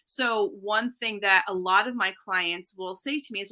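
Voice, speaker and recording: A woman's voice: mid-range voice, normal speed, hardly any pauses, pushed and bright. A woman speech-language pathologist explaining voice training in an interview, demonstrating where the voice sits as she talks. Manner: demonstrates voice placement while explaining.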